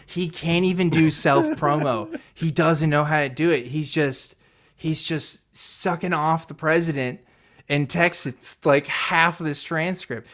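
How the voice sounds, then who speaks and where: Male podcast co-host, pitched a bit high, swears and scoffs while reading a transcript aloud. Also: a little slow, a bit bright. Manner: profane, mocking, laughs between lines.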